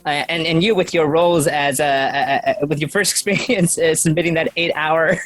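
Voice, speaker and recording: An interviewer asking questions haltingly, with many "uh" fillers. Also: medium pitch, fairly even intonation, soft background music.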